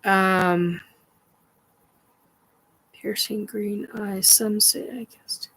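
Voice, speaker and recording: Slow, rambling woman host. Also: medium pitch, fairly even intonation, fairly bright tone, breathy edge, poor audio. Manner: rambling, swearing, defiant, with many fillers. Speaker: host of a paranormal chat stream. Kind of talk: casual live chat.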